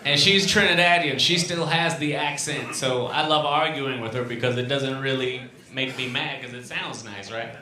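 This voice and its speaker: A man doing a stand-up routine, animated and profane, swinging from shouting to muttering, recorded in an echoey club room with ambience. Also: mid-range voice, normal speed, hardly any pauses, a faint crowd. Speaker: stand-up comedian.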